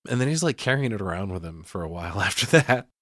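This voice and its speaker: A man's voice: on the low side, expressive, fast talker, a bit bright, no room sound, studio quality. A man hosting a podcast, recapping a horror film in casual, profane chat and laughing often. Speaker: podcast host.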